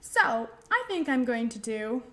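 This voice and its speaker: A woman hosting a library storytime for young children, talking through finger rhymes in a gentle, encouraging way. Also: fairly high pitch, sing-song, measured pace.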